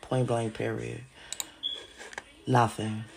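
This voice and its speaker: Gravelly-voiced woman ranting, profane and agitated. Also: extremely low pitch, flat delivery, slow pace, noisy background. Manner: agitated, profane, repeats herself. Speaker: podcast host. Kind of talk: casual monologue to listeners. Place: home.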